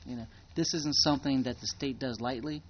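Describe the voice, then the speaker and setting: A man, a town official, speaking at a council meeting in a measured, hesitant way with frequent ums. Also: mid-range voice, fairly even intonation, lo-fi sound, a little hiss or hum. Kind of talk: formal meeting talk.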